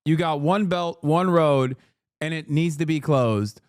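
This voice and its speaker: Sarcastic streamer guy ranting fast, dry close sound. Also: on the high side, dry recording. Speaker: streamer reacting to a clip. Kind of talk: livestream reaction commentary.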